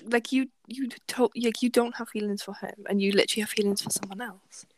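A woman's voice: on the high side, fairly even intonation, fairly quick, slight background noise. A woman in casual podcast chat, giving frank, blunt advice.

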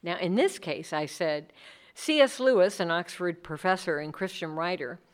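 At a conference, a middle-aged woman runs a workshop session in a fairly low voice at a moderate pace. She keeps things conversational and lively, performing other people's words as she quotes them.

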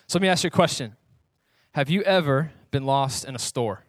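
A man's voice: medium pitch, expressive, brisk, no echo. A young adult man, a pastor, preaching a sermon in a casual, joking way, reading scripture and telling personal stories to his audience.

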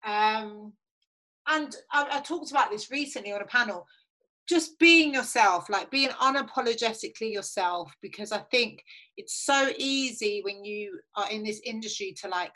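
A woman's voice: mid-range voice, fairly bright tone, low-quality recording. A young woman who works as a radio producer and presenter, answering interview questions in a chatty, upbeat way with lots of fillers.

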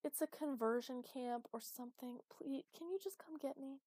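Brief: woman reading a panicked teen daughter, high, teary, pleading, dry close sound. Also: moderate pace, warm tone, breathy edge, no room sound. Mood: pleading, tearful. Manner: pleading, tearful. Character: distressed teenage girl begging her father for rescue.

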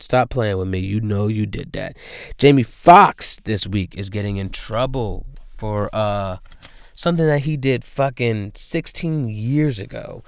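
A man hosting a casual solo podcast, recording inside his car and ranting loudly and profanely in disbelief. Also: mid-range voice, expressive, unhurried, vocal fry, no room sound, studio quality. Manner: loud, profane, incredulous ranting. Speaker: podcast host.

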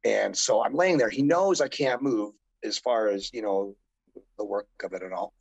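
Middle-aged guy, gravelly husky voice, swears a lot, rambles through old stories in a dry room. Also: on the low side, normal speed, a little mellow, no room sound, highs cut off. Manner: rambling, profane, acts out quoted voices. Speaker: guest, former pro wrestler. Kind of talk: casual storytelling interview.

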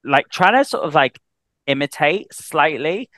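A man's voice: on the high side, expressive, measured pace, fairly bright tone, no echo. Chatty British man on a podcast. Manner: chatty, loose, many restarts and fillers. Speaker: guest, head of sales. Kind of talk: casual podcast interview.

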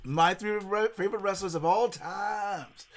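A middle-aged man co-hosting a podcast in casual chat, excitable and rambling with many restarts. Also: high voice, a little slow. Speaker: podcast co-host.

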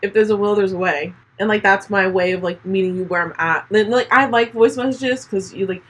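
A young woman in her twenties co-hosting a podcast, chatting casually and telling animated stories with a husky voice. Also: mid-range voice, a little fast. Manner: chatty, animated storytelling with laughs. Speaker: podcast co-host. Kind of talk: casual chat.

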